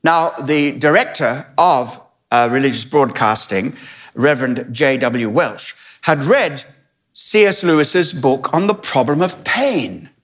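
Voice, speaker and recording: A man's voice: mid-range voice, lively intonation, slow pace, fairly bright tone. A man in his sixties preaching a sermon, telling history with dramatic delivery and wry asides. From Britain.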